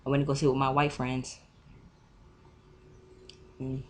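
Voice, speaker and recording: A teenage girl telling an animated, profane story straight to a webcam, acting out both sides of an argument. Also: rumbling low, a little slow, slight background noise. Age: teens. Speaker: vlogger. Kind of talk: casual storytime rant.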